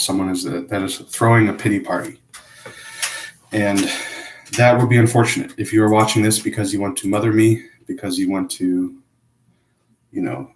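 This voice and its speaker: Halting deep-voiced man in an echoey room. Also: level tone. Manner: hesitant, halting, self-critical, many fillers and restarts. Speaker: vlogger. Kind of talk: confessional monologue.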